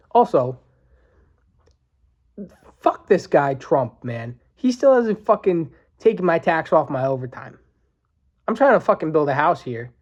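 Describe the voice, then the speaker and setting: A man's voice: medium pitch, lo-fi sound. A man in his twenties hosting a podcast, ranting with heavy swearing and stopping now and then to think. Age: 20s. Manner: profane, fired-up ranting with pauses to think. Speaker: podcast host.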